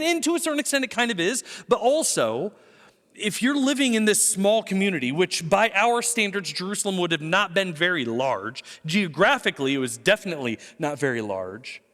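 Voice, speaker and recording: A middle-aged man preaching a sermon in a lively storytelling way, with jokes and acted quotes. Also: fairly high pitch. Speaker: pastor. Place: large church auditorium. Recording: long hall reverb.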